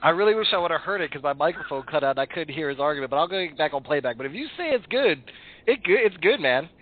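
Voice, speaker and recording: Guy with a pretty high voice cohosting a chatty show, rambles, lo-fi audio. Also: animated, quick pace, slight background noise. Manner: laughs often, rambling questions. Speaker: talk show co-host. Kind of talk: casual podcast chat.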